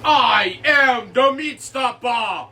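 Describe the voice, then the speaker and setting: A performer voicing a huge bald man who slowly booms his own name, in a comedy sketch. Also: expressive, pushed and bright, breathy edge, full character voice. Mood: booming. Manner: slow booming self-announcing. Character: huge bald slow-talking man, Meat Stopper.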